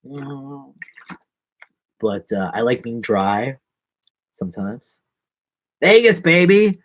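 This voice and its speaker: A man's voice: very animated, slow pace, fairly bright tone, slight background noise. Playful rambling New man. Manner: rambling, playful, drops to whispers and jumps to squeaky voices. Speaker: livestreaming vlogger. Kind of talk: casual solo livestream chat.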